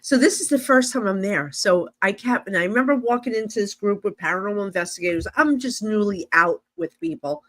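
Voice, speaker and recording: A woman with a New Jersey accent, a guest psychic medium telling stories in a lively conversational way with many fillers. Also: mid-range voice, a little fast, hardly any pauses. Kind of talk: animated storytelling in conversation.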